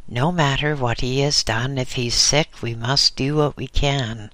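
A man reading the part of a calm, kindly old male hermit in an audiobook. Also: mid-range voice, a little slow, no echo.

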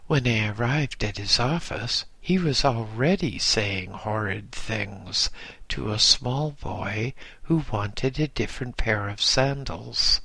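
A man narrating a memoir as an audiobook, in slow, measured storytelling. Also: on the low side, vocal fry, pushed and bright, slightly rough, dry recording.

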